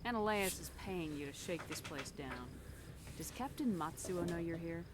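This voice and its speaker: A woman's voice: fairly low pitch, animated, normal speed, close to an everyday voice. A woman playing a curt female commander. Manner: curt and direct. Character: blunt female Spectre commander, curt and tough. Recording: game audio with clear noise.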